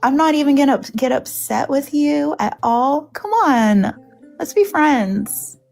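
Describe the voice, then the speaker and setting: A woman's voice: high voice, animated, vocal fry, faint music behind, pitched above the performer's own voice, exaggerated voice. A woman putting on a gushing customer service voice. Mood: sugary apologetic. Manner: gushing, apologetic, bright and fast. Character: overly sweet female customer service agent, eager to please.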